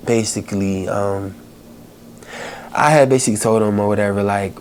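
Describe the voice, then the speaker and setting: A man with a fairly low voice tells a heartfelt personal story on his podcast. He speaks haltingly, filling his pauses with little fillers and pushing through his emotion. A faint hiss sits under the voice. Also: steady tone. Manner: emotional, holding back tears. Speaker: podcast host.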